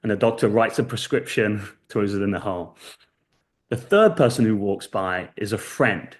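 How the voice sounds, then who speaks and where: A man guest on a podcast interview, earnestly telling a story and tagging points with quick checks for agreement. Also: lowish voice, lively intonation. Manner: earnest storytelling, many fillers and "right?" tags. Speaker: guest expert. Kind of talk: casual interview chat.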